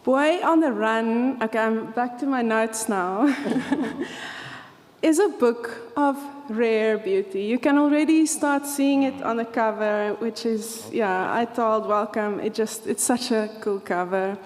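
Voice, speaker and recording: A woman's voice: fairly high pitch, a little slow. A woman moderating a live festival panel, reading her notes and asking a guest about a book. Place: festival event hall. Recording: live hall with reverb.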